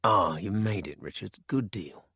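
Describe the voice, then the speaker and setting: Give me a quiet, contemptuous villain boss with a low voice, read by a male narrator. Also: measured pace, slightly rough, dry recording, studio quality, full character voice. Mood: cold. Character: cold, ruthless male spymaster.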